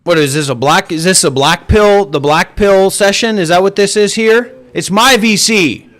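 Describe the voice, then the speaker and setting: High-voiced man scolding in voice chat. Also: normal speed, a bit bright. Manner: profane, scolding, repetitive. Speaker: voice chat host and streamer. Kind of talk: livestream rant. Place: online voice chat.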